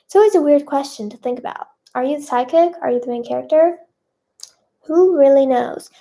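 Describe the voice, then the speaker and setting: Bubbly high-voiced young woman chatting. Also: brisk, creaky, warm tone. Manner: bubbly, self-conscious, lots of fillers. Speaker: singer answering fan questions. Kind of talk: casual chat.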